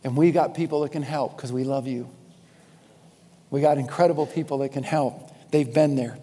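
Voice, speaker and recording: A man's voice: medium pitch, steady tone, normal speed, dark tone, husky. Man preaching in a reverberant hall. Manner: emphatic, repeats key lines, addresses the congregation directly. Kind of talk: sermon. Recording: long reverb of a large hall.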